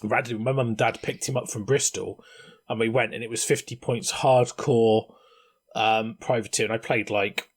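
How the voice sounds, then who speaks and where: Husky-voiced man rambling through stories. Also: medium pitch, moderate pace. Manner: rambling, animated storyteller. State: tipsy. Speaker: podcast host. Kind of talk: casual chat.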